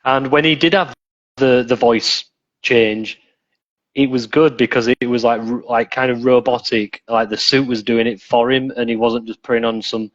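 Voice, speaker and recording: A man's voice: mid-range voice, moderate pace. Man, muffled audio. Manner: relaxed, rambling, restarts sentences often. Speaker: podcast guest. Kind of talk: casual chat.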